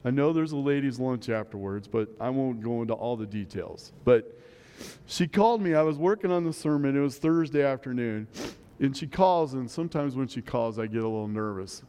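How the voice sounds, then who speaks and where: A man's voice: medium pitch, lively intonation, fairly quick, warm tone, clear, resonant tone. A middle-aged man preaching a sermon in a church, earnest and conversational, with many rhetorical questions. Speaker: pastor. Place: church sanctuary. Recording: long hall reverb.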